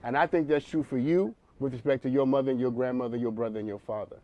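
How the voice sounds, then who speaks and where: A man's voice: medium pitch, fairly even intonation, quick pace, no echo, highs cut off. A man hosting a counseling talk show, speaking emphatically in a preacherly way and repeating words as he builds a point.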